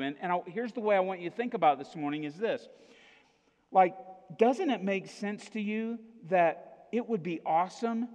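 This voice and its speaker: High-voiced American pastor in echoey hall. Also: male voice, darkish tone. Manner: casual, joking, keeps asking okay and right. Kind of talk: sermon. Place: church auditorium.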